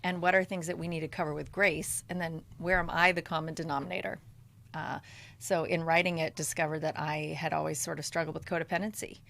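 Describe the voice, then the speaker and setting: Low, gravelly-voiced woman co-host. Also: brisk. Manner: calm, candid and reflective. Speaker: author and co-host. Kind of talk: casual radio talk. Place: radio studio.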